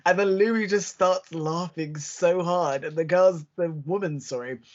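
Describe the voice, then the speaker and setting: A young adult podcast co-host telling stories in an animated, casual way, acting out quotes and using lots of fillers. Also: medium pitch. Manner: animated storytelling, quick acted-out quotes, many fillers. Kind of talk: casual chat. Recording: dull lo-fi recording.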